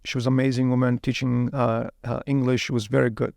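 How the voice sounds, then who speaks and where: Gravelly-voiced man telling his story animatedly. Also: medium pitch, quick pace, no echo, studio quality. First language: Uyghur. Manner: animated, repeats words while searching for them. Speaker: interview guest. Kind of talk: casual storytelling interview.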